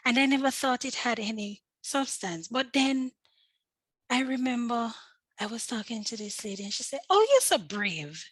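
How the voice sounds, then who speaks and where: A middle-aged woman tells her personal story as a guest on a talk show. She speaks in an earnest, faith-filled, animated way and acts out the voices of people she quotes. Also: a little high, moderate pace, no echo, poor audio. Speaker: podcast guest.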